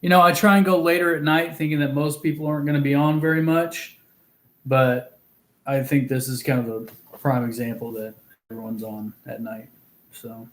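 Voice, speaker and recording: A man's voice: medium pitch, level tone, moderate pace. A man from Oklahoma hosting a casual fishing livestream, chatting, giggling and reading viewers' comments aloud. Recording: roomy echo.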